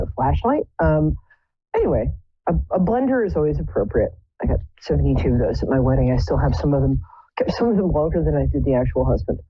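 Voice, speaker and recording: A woman's voice: fairly low pitch, husky, no echo, muffled recording. A woman hosting a live psychic show, chatting casually with wry, self-mocking jokes. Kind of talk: casual chat. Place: indoors, home.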